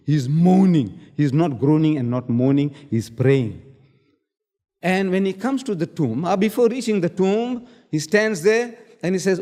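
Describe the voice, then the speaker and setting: A man's voice: fairly high pitch, warm tone, long reverb tail. A man arguing in a public debate, quoting scripture and hammering his points with repeated words. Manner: emphatic, quotes scripture, repeats key words. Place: lecture hall.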